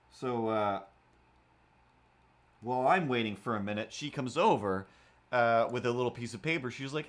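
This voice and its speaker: A man's voice: mid-range voice, moderate pace, long pauses. A man in his forties casually telling an anecdote on a livestream, acting out voices as he goes. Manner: animated, acts out voices in anecdotes. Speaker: livestream host.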